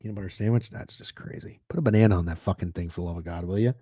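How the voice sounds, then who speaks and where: A man's voice: low voice, very fast, mellow, slightly rough, no echo, studio quality. A man hosting a sports betting stream, chatting casually in a rambling, profane, sarcastic way. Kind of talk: casual livestream chat.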